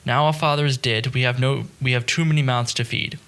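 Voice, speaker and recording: A man's voice: mid-range voice, fairly even intonation, a little fast, a bit bright, close to an everyday voice. A man voicing a stubborn, preachy uncle in an audiobook, lecturing and scolding as he talks. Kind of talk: audiobook character reading.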